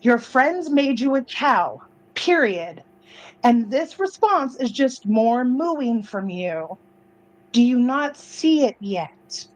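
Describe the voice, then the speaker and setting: Slow, sassy high-voiced woman. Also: sing-song, low-quality recording. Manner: sassy, blunt, mocking. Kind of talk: casual video commentary.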